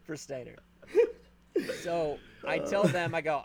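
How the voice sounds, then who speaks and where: A man telling a story in casual podcast chat, animated and profane, acting out the people in it. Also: on the high side, normal speed, creaky, a loud crowd. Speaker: podcast host.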